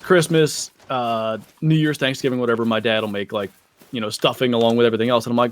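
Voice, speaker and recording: A man's voice: mid-range voice, fairly even intonation, fast. A young man chatting casually while livestreaming a game, rambling along with plenty of filler words. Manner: rambling, laid-back, lots of "like" fillers. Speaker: gaming streamer.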